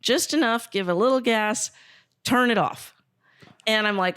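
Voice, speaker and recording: A woman co-hosting a podcast, telling a story in a casual, animated way and swearing freely. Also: on the high side, unhurried, pauses often, clear, resonant tone, no room sound. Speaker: podcast co-host.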